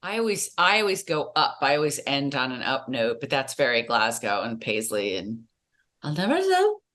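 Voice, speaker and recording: A woman's voice: a bass voice, moderate pace, pushed and bright. A woman co-hosting a casual TV recap, playful, with jokey asides. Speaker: podcast co-host.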